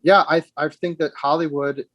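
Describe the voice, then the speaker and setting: A man speaking as an interview guest, reflective and halting, with frequent restarts and fillers. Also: on the high side, fairly even intonation, fairly bright tone, no room sound, lo-fi sound. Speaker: guest, actor with dwarfism.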